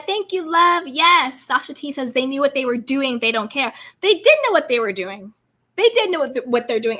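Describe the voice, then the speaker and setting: A woman's voice: on the high side, bright, forceful tone. A young American woman hosting a live chat, reading out viewer comments and giving her take. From United States. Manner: chatty, reads out viewer comments. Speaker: livestream host.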